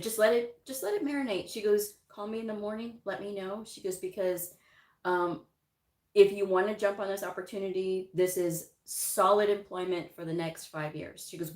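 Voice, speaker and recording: A woman with a slightly low voice tells a personal story, casual and chatty. She laughs often and acts out what others said to her. The sound carries some room echo. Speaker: medical coding vlogger. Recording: echoey room.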